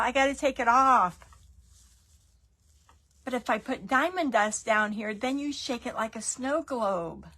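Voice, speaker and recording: A woman's voice: high voice, fairly bright tone. A woman in her fifties, a grandmother, chatting and rambling through a DIY craft tutorial and laughing often as she tells family stories.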